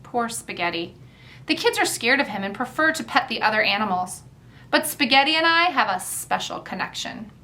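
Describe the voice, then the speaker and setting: Woman reading a kids book out loud, wry and chatty, lively up and down voice, kinda high. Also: normal speed. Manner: wry, chatty young-girl narration. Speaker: audiobook narrator. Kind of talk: first-person audiobook narration.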